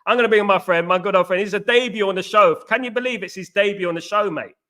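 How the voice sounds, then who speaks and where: Bright-voiced East London man, emphatic. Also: high-pitched, fast. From East End of London. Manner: emphatic, repetitive, addresses viewers as mates. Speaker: fan channel host. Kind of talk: live match-day stream chat. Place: home in an apartment complex abroad.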